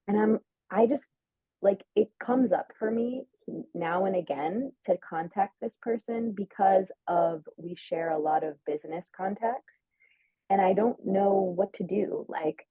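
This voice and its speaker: Husky woman telling a story over a phone-like line. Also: mid-range voice, slow pace, no room sound. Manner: chatty, full of "like", acts out quoted lines. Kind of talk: casual storytelling on a livestream. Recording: narrow phone-like sound, dry.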